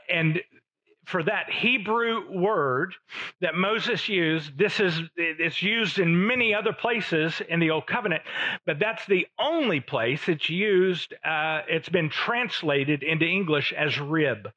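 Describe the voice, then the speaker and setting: A man preaching a sermon, teaching slowly and deliberately with emphatic pauses. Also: high-pitched, pushed and bright, dull audio. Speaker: pastor.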